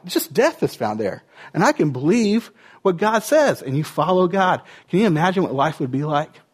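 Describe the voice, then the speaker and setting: A man preaching a sermon in a conversational way, full of rhetorical questions and "like" and "you know" fillers. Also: high-pitched. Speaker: pastor.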